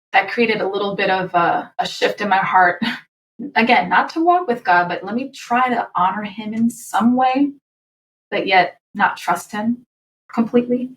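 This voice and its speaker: A woman guest, a singer, recounts her past in a candid, animated way, often restarting her sentences. Her voice sits in a middle range. It sounds roomy, as if she is a little back from the microphone. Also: mid-range voice, distant mic. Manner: animated, quick, with laughs and restarts. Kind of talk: candid personal storytelling.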